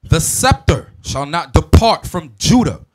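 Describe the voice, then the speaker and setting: High-voiced man reading scripture. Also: big pitch swings. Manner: measured, deliberate reading. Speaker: scripture reader. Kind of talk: reading Bible verses aloud.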